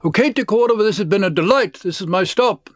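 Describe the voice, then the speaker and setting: A man's voice: high voice, animated, fast talker, no room sound, clean studio sound, pitched above the performer's own voice. A man voicing an effusive, spirited elderly woman who exclaims and gushes, in a told story. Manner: exclaiming, gushing.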